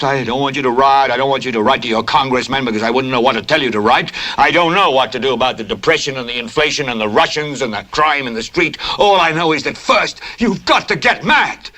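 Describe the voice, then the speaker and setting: A man acting a middle-aged TV anchor ranting on air in a 1970s film drama, pleading and rising to shouts. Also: on the high side. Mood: weary, pleading.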